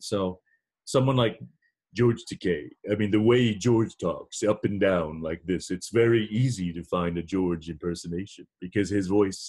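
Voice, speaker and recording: A man's voice: low-pitched, husky. A man being interviewed over a video call, chatting casually and animatedly with frequent laughs. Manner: animated, laughs often, quick asides. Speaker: actor guest.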